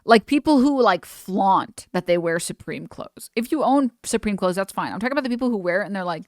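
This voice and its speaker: A woman streaming a reaction to videos, chatting casually in an exasperated tone and mocking people with quick impressions. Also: medium pitch, animated, no echo, studio quality.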